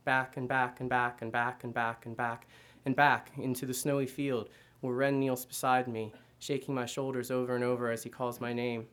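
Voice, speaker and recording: A man giving a measured first-person reading of literary fiction. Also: mid-range voice, little pitch movement, a bit bright. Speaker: reader.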